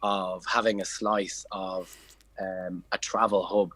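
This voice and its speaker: Speaking slowly with a low, bright and forceful voice that barely shifts in pitch, a thirtysomething Dubliner chats about his travels as a podcast guest. He co-owns a hostel, and his casual storytelling is packed with fillers and restarts. The recording quality is low.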